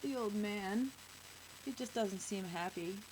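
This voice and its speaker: A woman's voice: medium pitch, slow, background noise. A woman hosting a children's show, reading a picture book aloud and chatting with kids, asking them questions.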